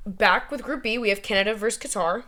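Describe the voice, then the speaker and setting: A woman's voice: mid-range voice, fast talker, bright, forceful tone. A young American woman vlogging in a playful, self-mocking, chatty way. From United States. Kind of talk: casual chat.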